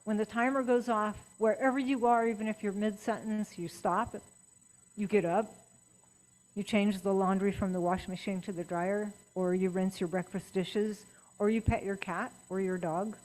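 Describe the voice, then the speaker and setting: A middle-aged woman speaking as guest at a writers' meeting, chatty and personal with lively emphasis. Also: medium pitch, moderate pace, low-quality recording. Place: meeting room.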